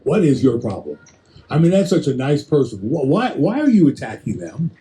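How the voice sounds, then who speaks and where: A man preaching in a conversational Bible-teaching style, addressing listeners directly with quick restarts and acted-out asides. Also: mid-range voice, huge pitch swings, mellow, low-quality recording.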